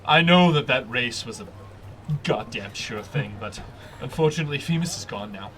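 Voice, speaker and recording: A man's voice: medium pitch, lively intonation, normal speed, lightly acted. A man voicing an adult male dinosaur-racing patron, a blunt gambler who curses casually and restarts his phrases. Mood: earnest. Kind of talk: game master voicing a character.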